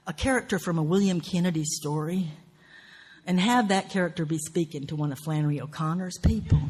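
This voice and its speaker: Woman, Southern US accent, writing workshop lecture, salty, cussing, quick to laugh. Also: lowish voice, a little mellow, breathy edge.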